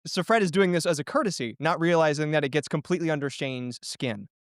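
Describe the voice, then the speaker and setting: Higher-voiced man running a story podcast. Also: fast, no room sound, studio quality. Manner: thinking aloud, with frequent ums and restarts. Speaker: game master and podcast host. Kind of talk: casual story-planning chat.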